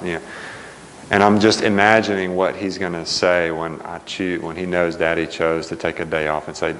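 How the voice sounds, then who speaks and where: A middle-aged male pastor giving a sermon, telling a family story with lively quoted dialogue. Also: sits low, a little fast, slight background noise. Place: church sanctuary. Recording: long church reverb.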